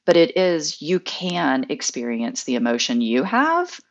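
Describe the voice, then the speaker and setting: A woman with a very deep voice and lots of vocal fry speaks in a relaxed, measured way. She sounds like a coach in a casual podcast conversation. The audio is dull and lo-fi, as if from a remote call.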